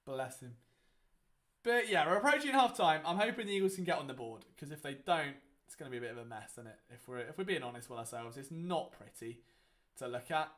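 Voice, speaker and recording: His voice is on the high side, fairly bright, with lively intonation and a fairly quick pace. A young man hosting a casual live watchalong, he rambles chattily with many fillers as he comments on the game.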